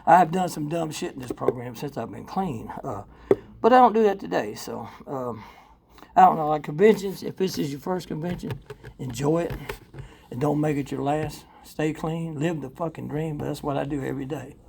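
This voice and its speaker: Older man, gravelly and a bit high, profane and candid, recovery share. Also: moderate pace, slight background noise. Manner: blunt, profane and candid, rambling with fillers; laughs often, voice swings from loud to quiet. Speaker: speaker sharing at a recovery convention workshop. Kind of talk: personal recovery testimony to a live audience.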